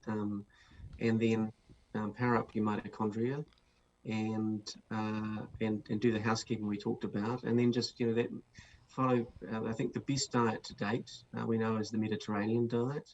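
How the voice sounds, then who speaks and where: A man's voice: on the low side, little pitch movement, moderate pace, darkish tone. A man with a New Zealand accent, a guest author explaining his ideas with many fillers and restarts. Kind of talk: interview answers. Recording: dull lo-fi sound with faint noise.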